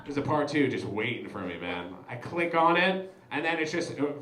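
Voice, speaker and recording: A young man performing a stand-up comedy set, chatty and animated, talking straight to the crowd. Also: mid-range voice, normal speed, reverberant, noisy background. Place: comedy show venue.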